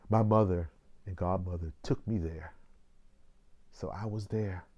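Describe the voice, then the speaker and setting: A man in his sixties telling a personal story in a measured way, with deliberate pauses. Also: deep voice, fairly even intonation, a little mellow, highs cut off.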